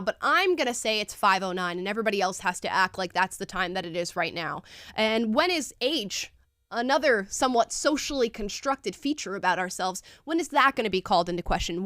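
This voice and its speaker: A woman's voice: mid-range voice, a bit bright, dry recording, studio quality. A woman hosting a show, reacting to a debate clip with emphatic, incredulous opinionated commentary.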